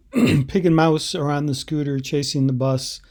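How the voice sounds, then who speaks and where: A man teaching a language by explaining a translation, unhurried and explanatory, with hesitant fillers. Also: a little high, a little mellow.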